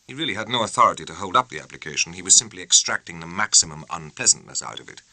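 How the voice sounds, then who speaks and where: A man reads a novel aloud in a measured, carefully spoken audiobook narration. His lowish voice has a bright, forceful edge and moves freely in pitch. The studio sound is dry and close. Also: expressive, no echo, rough recording. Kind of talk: scripted narration.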